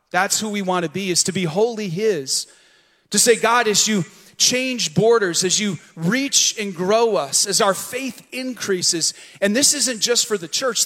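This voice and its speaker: A man's voice: sits high, fairly bright tone. A man preaching a sermon as pastor, prompting the congregation to repeat words back to him. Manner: preaching with call-and-response prompts. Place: church sanctuary. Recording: long hall reverb.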